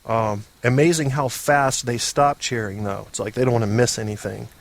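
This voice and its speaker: A man's voice: mid-range voice, steady tone, moderate pace, gravelly. A man hosting a call-in comedy podcast who is talking while sick, rambling in a boisterous, self-mocking way. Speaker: podcast host. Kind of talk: casual comedy monologue.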